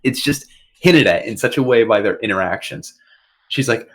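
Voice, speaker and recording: A young adult man co-hosting a casual podcast, talking in an animated way and slipping into quick put-on voices. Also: on the low side. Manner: animated, quotes movie lines in put-on voices. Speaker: podcast co-host. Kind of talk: casual chat.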